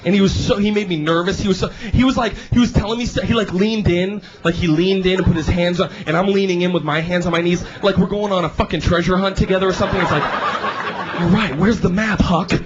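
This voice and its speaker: High-voiced, animated stand-up comic. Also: male voice, fast talker, few pauses, a crowd in the background. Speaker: stand-up comedian. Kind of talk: stand-up comedy routine. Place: comedy club stage. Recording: dull live club recording, audience. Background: audience laughter.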